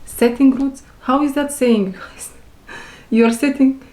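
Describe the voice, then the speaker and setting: Woman giving a slow spiritual reading, echoey room. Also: high voice, steady tone, dark tone. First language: not English. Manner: slow, repeats phrases, searches for words. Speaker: intuitive reader.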